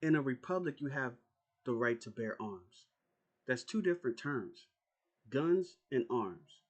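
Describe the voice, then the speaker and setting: A man's voice: medium pitch, lively intonation, a little slow, dull audio. Profane, combative man ranting to camera. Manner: profane, confrontational, repeats himself. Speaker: YouTuber. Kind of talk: angry political rant to camera.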